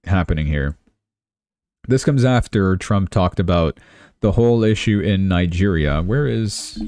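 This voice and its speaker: Deep-voiced man riffing on the news. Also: a little mellow, dry recording, clean studio sound. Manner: chatty, sarcastic asides. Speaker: crypto and news livestream host. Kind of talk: casual news commentary.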